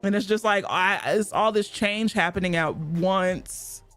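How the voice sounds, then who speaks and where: A woman's voice: medium pitch, unhurried, fairly bright tone, faint music behind. A young woman streaming a game, chatting casually in a blunt, profane way and laughing often.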